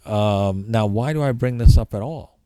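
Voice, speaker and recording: Dark-voiced man giving a rambling lecture. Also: on the low side, moderate pace, clean tone, no echo, poor audio. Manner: rambling, repeats key points for emphasis. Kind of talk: informal spoken lecture.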